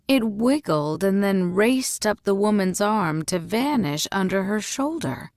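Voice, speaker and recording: A woman reading a fantasy novel aloud as narrator, slow and even. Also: mid-range voice, gravelly, no room sound, clean studio sound. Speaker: audiobook reader. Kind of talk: storybook narration.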